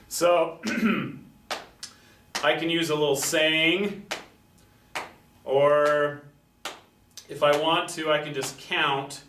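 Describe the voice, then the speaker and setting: A man showing how to teach a steady beat to young children, explaining patiently step by step. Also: mid-range voice. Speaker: music teacher. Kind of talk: classroom teaching demonstration. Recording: roomy echo from a distant mic with faint noise.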